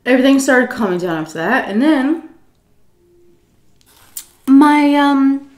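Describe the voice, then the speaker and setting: A woman telling a story while eating, animated and profane, jumping into a high voice when she acts out quotes. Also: slow, echoey room. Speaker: YouTube storyteller. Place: home, indoors.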